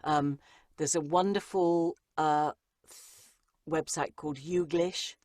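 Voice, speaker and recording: A chatty woman narrator with a low-pitched voice speaks in a lively, rambling way, full of ums and asides. The sound is close and dry, with no room around it. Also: slow, dry recording. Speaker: audiobook narrator, guest. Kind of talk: conversational interview answers.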